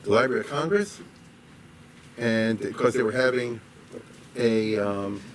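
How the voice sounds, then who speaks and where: A man teaching a class as a rabbi, in a conversational, digressive way that grows animated when he quotes. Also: on the low side, a little slow. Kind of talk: informal lecture. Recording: distant mic with faint room noise.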